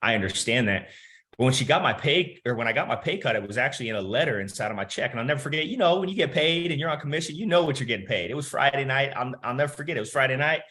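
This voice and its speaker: A man's voice: medium pitch, racing. A man in his thirties, a motivational speaker, telling his life story to an audience and acting out the dialogue. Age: 30s. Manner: animated storytelling, acts out quoted dialogue. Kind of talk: personal story talk to an audience.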